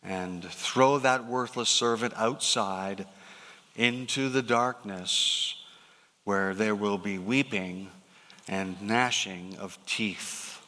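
A stern master, read by a man, scolds a lazy servant in slow, heavy words, with a bright and forceful tone. The voice rings with a long reverb, as in a large hall. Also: fairly low pitch, voice pushed down. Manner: slow, grave, weighty delivery.

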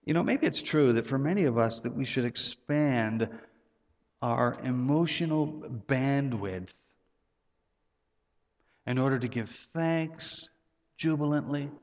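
Pastor, male, conversational sermon delivery with stumbles and repeated words, long hall reverb, muffled sound. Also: darkish tone. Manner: conversational preaching with repeated words and sudden rises in pitch.

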